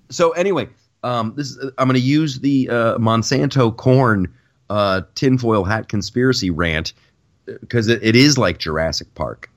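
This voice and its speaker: A man's voice: medium pitch, normal speed. A man, a stand-up comedian hosting a podcast, rambling through a casual comedic rant with many restarts, short on sleep. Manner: rambling, repeats words, restarts.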